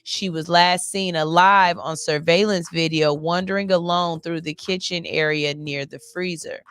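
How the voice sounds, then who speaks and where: A woman's voice: fairly low pitch, steady tone, normal speed, a bit bright, clean tone, no room sound. A woman hosting a morning radio show, reading stories in a loose, chatty way and cursing casually. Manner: chatty, loose, curses casually, yawns between lines. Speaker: radio host. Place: cold studio.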